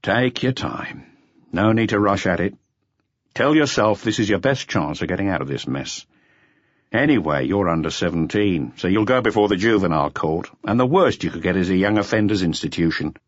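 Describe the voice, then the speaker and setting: A man acting a gruff, impatient middle-aged chief inspector who grills a suspect bluntly, sometimes coaxing like a father. His low voice moves lively through each line. The sound is dry and slightly lo-fi. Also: moderate pace, no room sound. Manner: blunt, coaxing interrogating tone, occasionally paternal. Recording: slightly dull lo-fi audiobook recording.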